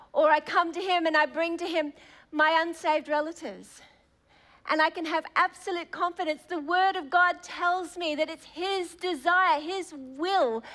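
A woman preaches with fervent, prayerful emphasis. Her voice sits high, and she stretches key words out slowly as she leans into them. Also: fairly bright tone. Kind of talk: sermon.

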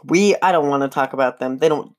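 A woman's voice: deep voice, fast. A young woman hosting her own podcast, rambling and joking at herself in casual solo chat. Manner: rambling, jokey, self-mocking. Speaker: podcast host.

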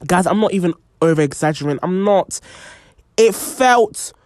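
A woman's voice: lowish voice, moderate pace, no room sound, studio quality. A young woman hosting a podcast, telling a personal story with lots of fillers and acted-out quotes. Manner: animated, many fillers, acts out quoted voices. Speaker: podcast host.

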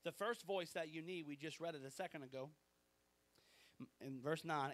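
Animated pastor, higher voice. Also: male voice, moderate pace, long pauses, dry recording. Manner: animated, conversational storytelling. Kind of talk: storytelling sermon.

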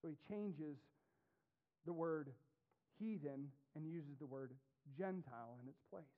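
High-voiced preacher, tinny lo-fi sound. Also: male voice. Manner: emphatic preaching, voice rising and dropping sharply; reads scripture aloud with deliberate weight. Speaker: pastor. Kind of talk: sermon. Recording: tinny, phone-like narrow sound.

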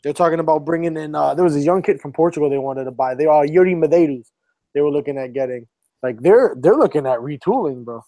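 A man's voice: on the high side, fast talker, warm tone, no room sound. A man co-hosting a football podcast in laid-back, slangy casual chat. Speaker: podcast co-host.

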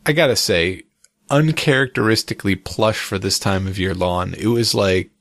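A man's voice: lowish voice, normal speed, a bit bright, dry recording. A man chatting casually as a podcast co-host, telling a rambling story with frequent laughs. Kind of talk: casual chat.

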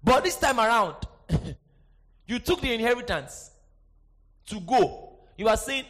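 High-voiced preacher shouting and hushing. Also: male voice, big pitch swings, unhurried, long pauses. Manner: dynamic, swings from shouting to hushed asides; asks the congregation for response, sing-song emphasis. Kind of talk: sermon.

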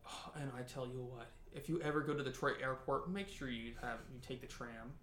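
A man's voice: mid-range voice, brisk, fairly bright tone. A young man from California's Central Valley telling travel stories in casual chat, rambling with many restarts and laughs. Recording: echoey room, faint noise.

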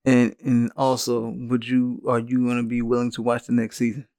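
A man's voice: mid-range voice, monotone, moderate pace, a little mellow, clean tone. A man hosting a podcast in casual chat, rambling in an easygoing way. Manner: easygoing, rambling with fillers and restarts. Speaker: podcast host.

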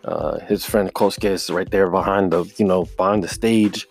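Rambling podcast man, low voice. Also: fairly even intonation, moderate pace, creaky, darkish tone. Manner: rambling retelling, acts out quotes. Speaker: podcast host. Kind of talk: casual drama recap.

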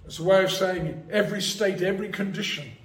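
A man preaching a sermon in a church, measured and emphatic, leaning hard on key phrases. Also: high voice, steady tone. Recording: echoey church hall, mic at a distance.

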